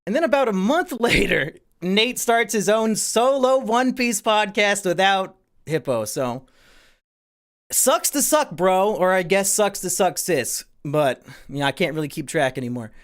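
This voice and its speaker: A man's voice: high-pitched, expressive, unhurried, fairly bright tone. A man streaming live and answering viewer questions in a crude, profane and sarcastic way. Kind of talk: casual livestream Q&A.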